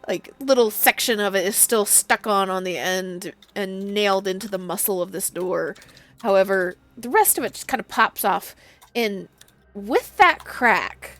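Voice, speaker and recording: A woman running a tabletop role-playing game as game master, describing the scene in an unhurried way. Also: medium pitch, fairly bright tone, no echo.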